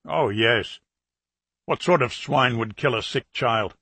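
A man reading an audiobook, voicing a patient male Russian spy putting on a British working-class accent, calm and probing. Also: medium pitch, takes it slowly, breathy edge, dry recording, exaggerated voice.

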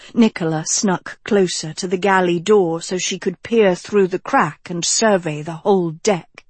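A woman narrating a storybook in a measured, expressive way. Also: medium pitch, husky, dry recording. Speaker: audiobook narrator.

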